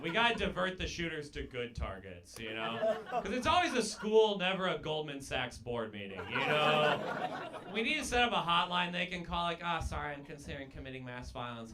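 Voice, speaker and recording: A man performing a stand-up comedy set in a comedy club, deadpan and sardonic, teasing the audience. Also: fairly high pitch, very noisy. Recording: live club with loud crowd laughter. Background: audience laughter.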